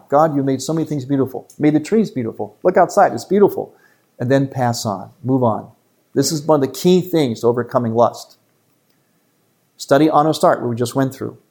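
A man, a priest giving a retreat talk to a live audience in an earnest, emphatic way with quick asides. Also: on the high side, a little mellow, breathy edge.

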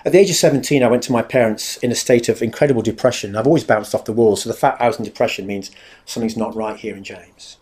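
A man's voice: medium pitch, fast talker, darkish tone. A man giving a candid, confessional spoken testimony about his own life, speaking earnestly and acting out remembered dialogue.

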